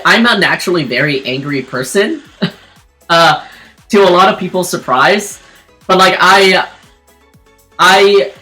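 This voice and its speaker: A woman's voice: sits low, sharp tone. A woman streamer telling a personal story in casual chat while drawing, rambling with lots of fillers and restarts. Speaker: streamer and artist.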